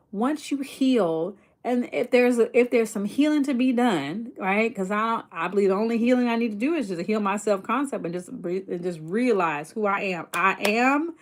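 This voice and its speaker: A woman hosting a casual livestream about mindset and income, chatty and rambling with many fillers, growing excited and emphatic. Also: mid-range voice. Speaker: online business coach hosting a livestream.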